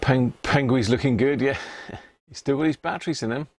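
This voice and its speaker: A man's voice: medium pitch, normal speed, dry recording. A man hosting a casual live stream, chatting with viewers and reading labels aloud with little chuckles. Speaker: livestream host.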